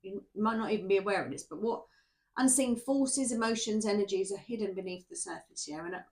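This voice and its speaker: A woman's voice: medium pitch, brisk, a little mellow. A woman giving a casual tarot reading to camera, chatty and rambling, who keeps checking in with "yeah?". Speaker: tarot reader.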